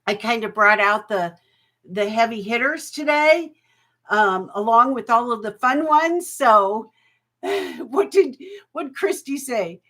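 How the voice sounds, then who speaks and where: A woman's voice: a little high, expressive, a little slow, bright, forceful tone. A woman hosting a live jewelry auction stream, chatty and folksy, laughing often and getting emotional.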